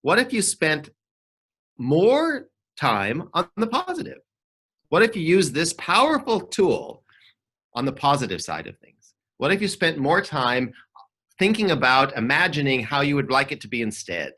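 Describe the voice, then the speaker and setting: Male arts coach, bright and animated, persuasive with rhetorical questions, video call sound. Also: fairly high pitch, measured pace. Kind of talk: online forum talk.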